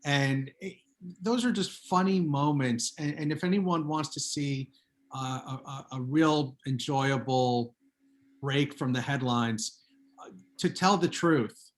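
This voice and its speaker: Man, guest author, video call, chatty, anecdotal, mid pitch. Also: takes it slowly, slight background noise. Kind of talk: casual Zoom talk.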